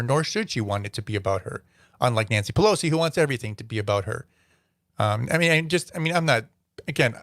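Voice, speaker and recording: A man's voice: mid-range voice, fairly bright tone, dry recording, studio quality. A man hosting a solo commentary show, giving opinionated, rambling takes with frequent fillers. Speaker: host.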